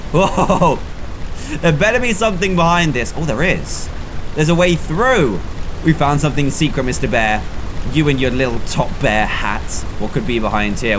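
British man, fairly high voice, excitable game commentary, yelps and quick laughs, lively swings in pitch. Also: background noise. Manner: animated, jumpy, yelps and laughs often. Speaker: gaming channel host.

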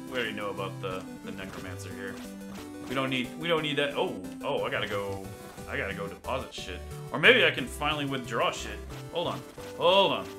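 A young man streams a game live, talking loosely to his chat and laughing often. His voice sits at an ordinary pitch. Game music plays clearly behind him. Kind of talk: casual live game commentary.

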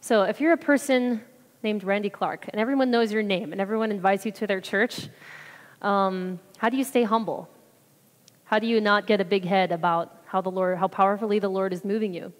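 A woman's voice: mid-range voice, fairly even intonation, fairly quick. A woman giving a chatty, rambling mission trip report at church, acting out what people said. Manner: chatty, rambling, acts out quotes. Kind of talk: casual testimony talk. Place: church sanctuary. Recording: reverberant hall.

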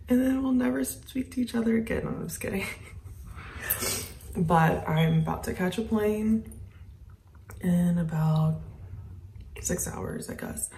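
A woman's voice: fairly low pitch, measured pace, long pauses, slight background noise. A young woman vlogging at home, talking openly and emotionally and close to tears. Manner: emotional, confessional, with soft laughs. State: tearful. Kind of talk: casual personal vlog. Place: indoors at home, then an airport.

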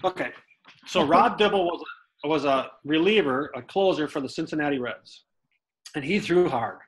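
A man's voice: a little high, normal speed, rough recording. A middle-aged man casually telling baseball stories in an interview, acting out the quotes he tells. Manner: animated storyteller who acts out quotes with swearing.

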